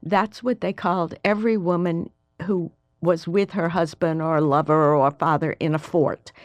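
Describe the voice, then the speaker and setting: A woman's voice: lowish voice, normal speed, dry recording. Wry Southern woman in her later years. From Alabama, US. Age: older. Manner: lively, wry, animated storytelling. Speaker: history professor, guest. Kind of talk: interview, storytelling.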